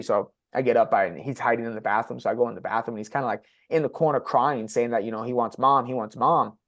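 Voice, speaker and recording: Young male podcast guest, confessional and unpolished, swears freely, mid-pitched voice. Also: quick pace. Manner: blunt and profane, heavy use of "like". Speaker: podcast guest sharing his story. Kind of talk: candid personal storytelling.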